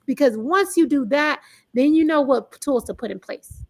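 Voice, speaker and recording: A woman with a high, bright voice speaks. She hosts a casual motivational talk, emphatic and animated, often rising to punch a point home. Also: normal speed. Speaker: host of a live wellness talk.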